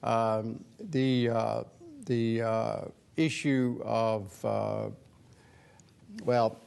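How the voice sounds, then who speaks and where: An older man, a former news anchor, speaking as a guest author at a Q&A, conversational with many restarts and lively quoted asides. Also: mid-range voice, extremely slow, gravelly, clean tone. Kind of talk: lecture Q&A talk.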